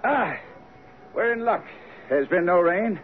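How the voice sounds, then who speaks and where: Sherlock Holmes, brisk and commanding. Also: male voice, mid-range voice, very animated. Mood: eager. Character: brisk, commanding male detective, middle-aged. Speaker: detective. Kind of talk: 1970s radio drama acting. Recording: tinny lo-fi radio broadcast with faint hiss.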